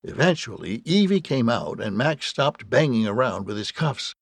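A man narrating an audiobook with wry, deadpan storytelling and a gravelly, husky voice. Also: medium pitch, normal speed, no echo. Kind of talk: scripted narration.

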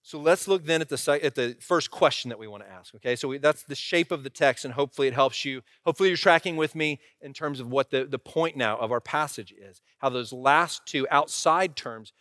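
A male pastor preaching a sermon, emphatic and repetitive, swinging between loud urgency and hushed quiet. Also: mid-range voice, brisk, hardly any pauses, dry recording, clean studio sound.

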